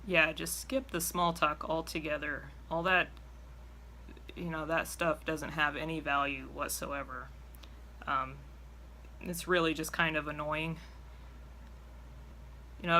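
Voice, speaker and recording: A woman's voice: low-pitched, bright, forceful tone, slight background noise. Blunt, exasperated woman vlogging. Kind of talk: casual talk to camera.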